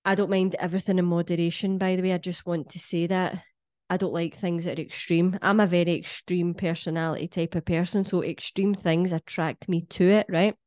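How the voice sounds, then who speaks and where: Middle-aged scottish woman, warm mellow voice, blunt and sweary, telling you straight how to eat. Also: lowish voice, flat delivery, fairly quick, no room sound, studio quality. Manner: blunt, sweary and cheeky, lectures the listener directly. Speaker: wellness vlogger. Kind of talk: casual monologue to camera.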